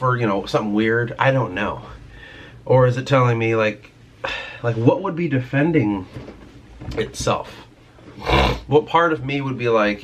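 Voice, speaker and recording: A man's voice: lowish voice, normal speed, slight background noise. A man venting in a casual vlog about his writing and his job, rambling and swearing as he talks. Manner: frustrated, rambling, swears freely. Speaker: vlogger and writer.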